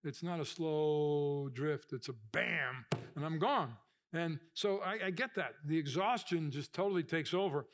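High-voiced, animated preaching man. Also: a little slow, a little hiss or hum. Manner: animated storytelling, acts out voices, rises in pitch and volume for emphasis. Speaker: pastor. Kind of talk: sermon.

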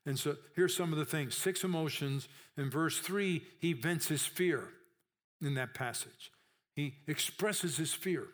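A man's voice: fairly high pitch, measured pace, fairly bright tone. Conversational male preacher. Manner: conversational, checks in with "okay?", acts out quoted voices. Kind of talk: sermon.

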